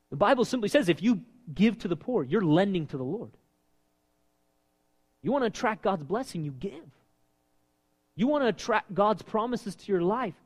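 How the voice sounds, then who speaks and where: Pastor guy preaching, lively and questioning the crowd, high voice, echoey big room. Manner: animated, asks the congregation questions. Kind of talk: sermon. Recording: long reverb of a hall.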